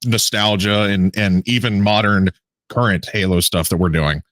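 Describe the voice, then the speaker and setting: A man's voice: on the low side, fairly even intonation, normal speed, a bit bright. A man hosting a podcast interview, enthusiastic and chatty, often stopping and restarting his sentences. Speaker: podcast host. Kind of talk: casual interview chat.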